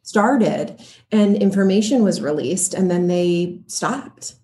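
Guest actress, middle-aged woman, mid pitch, chatty and laughing, light hiss under her. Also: animated, warm tone. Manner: chatty and laughing, quick asides. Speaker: voice and motion capture actor, guest. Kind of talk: casual interview chat.

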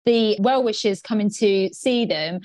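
A woman's voice: medium pitch, a little slow. A woman co-hosting a podcast, telling stories with frequent giggles. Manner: giggly, animated storytelling. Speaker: podcast co-host. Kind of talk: casual chat.

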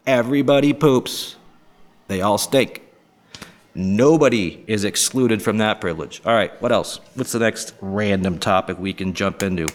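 A man from the area hosting a podcast, rambling through crude, jokey topics with quick mocking voices. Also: fairly low pitch. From Boston area, US. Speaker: podcast host. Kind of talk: casual monologue.

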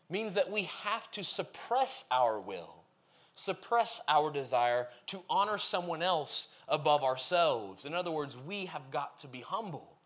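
In a fairly high, slightly bright voice, a man gives a sermon, reading a scripture passage aloud before explaining it. He's earnest and emphatic, laying out his points in lists.

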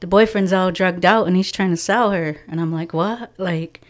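A woman with a low, smooth and resonant voice tells a story in relaxed podcast talk. She is animated, slips into the voices of the people she quotes, and laughs now and then. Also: normal speed. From from a First Nations reserve community. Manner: animated storyteller acting out dialogue, laughing often. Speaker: guest, community outreach organizer.

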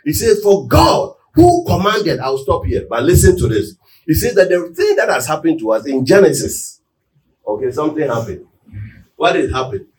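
A man preaching a sermon, often asking the congregation whether they are with him and building to loud, emphatic peaks. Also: on the high side, big pitch swings, moderate pace. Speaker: pastor. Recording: echoey room, mic at a distance.

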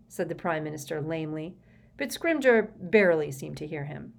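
A woman reading a novel aloud as an audiobook narrator, with expressive storytelling. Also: deep voice, moderate pace, vocal fry. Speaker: audiobook reader.

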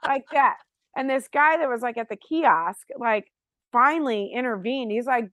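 A woman's voice: a little high, normal speed, no room sound. A woman in her thirties from Florida, a podcast co-host telling a story in casual chat, swearing freely and acting out the people she quotes. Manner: animated, profane, acts out quotes.

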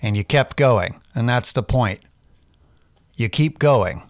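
A man's voice: medium pitch, expressive, takes it slowly, no echo. Rambling, profane man giving a dry-mic pep talk. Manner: rambling, self-deprecating, profane, digressive. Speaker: podcast host. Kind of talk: casual sobriety pep talk monologue.

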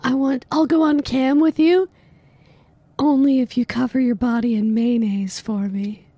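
High, mellow-voiced woman teasing a caller. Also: steady tone, unhurried, no room sound. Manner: teasing, bossy, mock-seductive. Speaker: prank caller, podcast host. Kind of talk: comedic prank phone call.

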